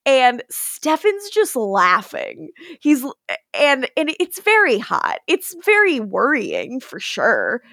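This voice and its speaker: A woman's voice: high voice, huge pitch swings, slow, bright, forceful tone, no echo, clean studio sound. A woman co-hosting a podcast, casually recapping a TV episode, laughing often and swearing freely.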